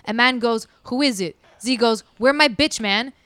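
A woman's voice: fairly high pitch, moderate pace, smooth, dry recording. A woman telling a story casually and animatedly, acting out what people said. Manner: animated, acts out quotes. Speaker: podcast storyteller.

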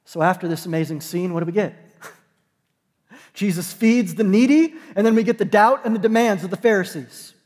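A man, a pastor, preaching a sermon in a conversational, joking way, with dramatic slow pauses. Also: high-pitched, darkish tone, big-room sound. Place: church sanctuary.

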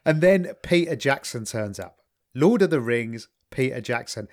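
A man's voice: mid-range voice, lively intonation, unhurried. A man from the UK co-hosting a casual podcast chat, rambling through a story with wry asides. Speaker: podcast co-host.

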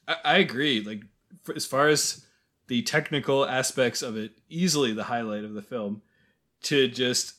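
A man's voice: mid-range voice, moderate pace. Easygoing man chatting about movies. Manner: relaxed, agreeable, filler-heavy. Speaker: podcast co-host. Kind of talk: casual film review chat.

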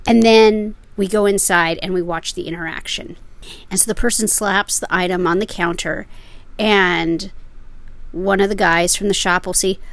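A woman's voice: mid-range voice, moderate pace, no room sound. A woman co-hosting a podcast, telling stories in casual chat. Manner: storytelling, animated. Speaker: podcast co-host.

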